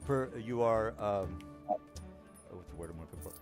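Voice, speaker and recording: A man narrating a tabletop game as game master, halting with many ums and restarts. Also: on the low side, over music.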